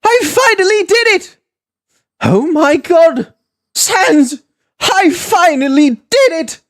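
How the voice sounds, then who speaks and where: Pompous booming skeleton, played by a woman, theatrical, flamboyant, slow and drawn out. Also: sing-song, exaggerated voice. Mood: excited. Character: loud pompous male skeleton, excitable and grandiose. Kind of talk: voice acting audition takes.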